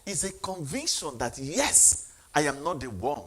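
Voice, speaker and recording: A man preaching with real emphasis, firing questions at his listeners. His voice is husky, and its pitch swings widely from line to line. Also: lively intonation, normal speed, fairly bright tone. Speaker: speaker. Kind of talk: motivational sermon.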